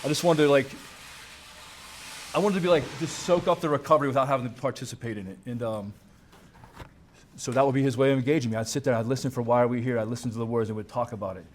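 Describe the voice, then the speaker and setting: Before a banquet hall crowd, a man of thirty to forty-something speaks fast in a mid-range voice with fairly even intonation, over a slight hiss or hum. His recovery talk is frank and relaxed, sprinkled with "dude," "man," and an odd curse word.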